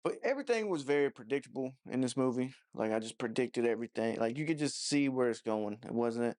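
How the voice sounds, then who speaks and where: A man ranting in a loose, casual movie review. He swears freely, mocks what he describes and trails off into fillers mid-thought. His pitch sits at an ordinary middle. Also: animated, fairly quick, darkish tone. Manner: profane, mocking, rambling with many fillers.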